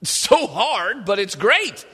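A man preaching a sermon as pastor, animated and rhetorical, talking straight to his congregation. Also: high voice, slow, slightly rough. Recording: long hall reverb.

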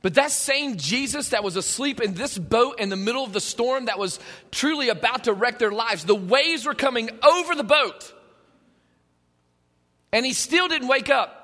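A man preaching a sermon, telling the story in an animated way and acting out the scenes. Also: very high voice, moderate pace, long reverb tail. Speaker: pastor.

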